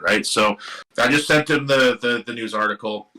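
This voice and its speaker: A middle-aged man from Seattle, telling a long story as a guest in a casual live-streamed interview. His voice is bright and forceful, and he talks animatedly, acting out the people in his story and swearing now and then. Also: medium pitch, normal speed, rough recording. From Seattle area. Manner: animated, swearing, quotes others in lively voices. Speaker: guest musician. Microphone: live stream microphone.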